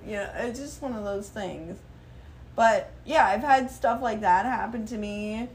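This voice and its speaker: A woman in her thirties, a guest model chatting casually, telling lively stories with swearing and acted-out quotes. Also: a little high, a little slow. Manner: animated storyteller, swearing, acting out quotes. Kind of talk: casual chat.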